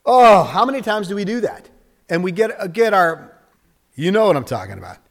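Guy preaching a sermon, kinda high voice, super animated, jumps loud and soft, long echo like a big hall. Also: a little fast. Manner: animated, acts out little scenes with sudden jumps in pitch and volume. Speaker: pastor.

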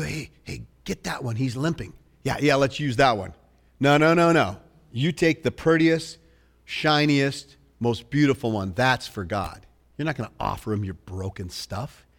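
A pastor with a somewhat high voice preaches a sermon in church. He tells the story in an animated, joking way, swinging between loud bursts and hushed lines.

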